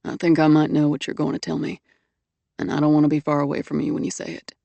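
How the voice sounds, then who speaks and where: A woman reading an audiobook voices a tense, gentle young man with a husky voice. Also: deep voice, flat delivery, fast talker, no echo, pitched below the performer's own voice. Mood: tender.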